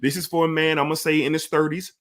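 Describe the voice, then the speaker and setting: A man's voice: a little high, level tone, quick pace, a bit bright. A man giving a casual fragrance review, enthusiastic and emphatic, repeating his points for effect.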